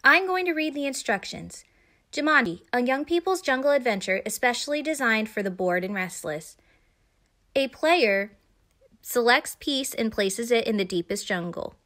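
A woman voicing a bossy, excitable young girl in a storybook read-aloud. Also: on the high side, moderate pace, voice pushed up. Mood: eager. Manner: eager, commanding.

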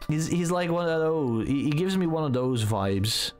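A man's voice: fairly high pitch, expressive, normal speed, soft background music. A young man casually telling a story while gaming, rambling and swearing a lot. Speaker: gaming streamer. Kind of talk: casual gameplay commentary.

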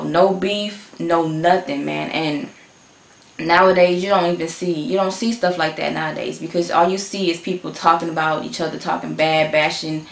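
Female reaction host, low-pitched, loose and emotional, repeats herself. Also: creaky, roomy sound. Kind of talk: casual reaction commentary.

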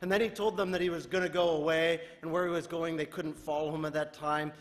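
A male pastor preaching a sermon in a relaxed, conversational way, retelling scripture in everyday modern speech. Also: fairly high pitch, quick pace. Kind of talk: casual sermon. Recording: reverberant church hall.

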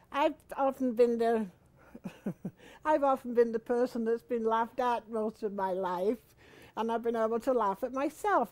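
An older woman in her seventies, slow and unhurried as she spins a funny household tale for a local comedy show. Her voice sits a bit high, and the sound is close and dry with no room echo. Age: 70s. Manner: slow, chatty, rising to shouted retellings. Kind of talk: comic storytelling to camera.

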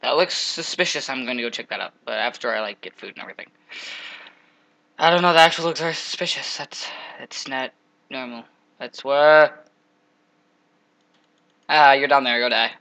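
A young man giving casual, jokey commentary while playing a game, trash-talking monsters with sudden loud outbursts. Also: mid-range voice, moderate pace, long pauses, low-quality recording. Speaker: gameplay commentator.

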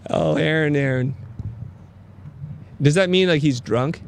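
A man's voice: a little high, vocal fry. A man hosting a casual design critique live stream, upbeat and joking as he teases his guests. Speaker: host of a design critique show.

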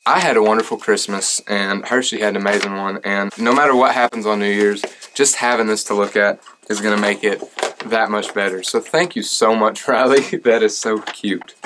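A man's voice: lowish voice, fairly bright tone, a little hiss or hum, low-quality recording. A young man chatting casually and joking at his own expense as he opens fan mail. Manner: joking and self-deprecating. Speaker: singer and vlogger.

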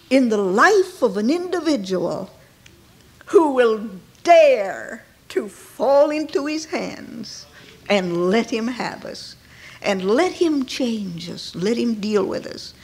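A woman preacher delivering an emotional sermon in church, dropping to hushed tones and rising to ringing cries. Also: on the high side, husky. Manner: dramatic, swinging from hushed near-whispers to ringing cries.

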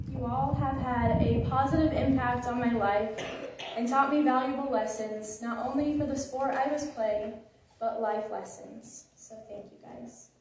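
A woman's voice: fairly high pitch, dark tone, a little hiss or hum. A graduating teenage girl giving an earnest, heartfelt speech at a school ceremony, a little nervous. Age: late teens. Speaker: graduating student. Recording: echoey hall, distant mic.

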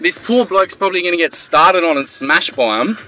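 An Australian man with a very high, lively voice rants and swears on a phone video. His tone is sharp and piercing, and he sounds fed up. He is outdoors at a service station. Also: moderate pace, soft background music. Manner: heavy swearing, exasperated. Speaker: bystander filming. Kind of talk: angry phone-video rant. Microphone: phone camera.

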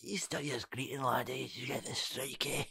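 A gravelly Glaswegian old bowler, whispered role-play. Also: male voice, mid-range voice, steady tone, unhurried, sharp tone, pitched below the performer's own voice, exaggerated voice. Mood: boastful. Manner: ends lines with a teasing "eh?". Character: boastful old Glasgow bowler, gruff and cheeky.

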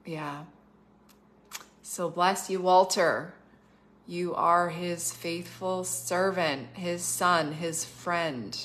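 A woman's voice: fairly low pitch, steady tone, very slow, fairly bright tone. Woman, prophetic minister, chatty, effusive, lots of "like", bit of a cough. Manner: chatty and effusive, many "like"s, laughs often. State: has a cough, on cough syrup. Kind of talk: spontaneous prophetic ministry over a live stream.

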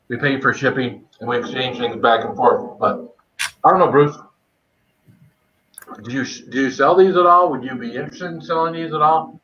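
A man's voice: mid-range voice, sharp tone. Man, live-stream host, casual chat while eating, muffled lo-fi sound. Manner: chatty, greets viewers by name while eating. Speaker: livestream host doing a spicy food tasting. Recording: dull lo-fi stream audio.

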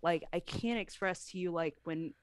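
A woman's voice: on the low side, normal speed, smooth, no room sound. A woman in her thirties telling her story in a candid interview, earnest and heartfelt as she retells what happened. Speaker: professional wrestler interviewee.

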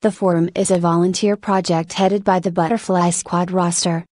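Woman doing a composed older male reviewer, formal, measured, dry recording. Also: fairly low pitch, flat delivery, a little mellow, no echo, lightly acted.

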